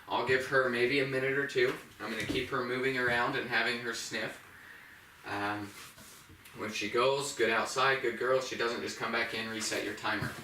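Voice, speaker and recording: Man, dog trainer, bright voice, roomy echo from a distance. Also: slight background noise. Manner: plain, practical explaining, high praise voice to the puppy. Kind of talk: instructional demonstration.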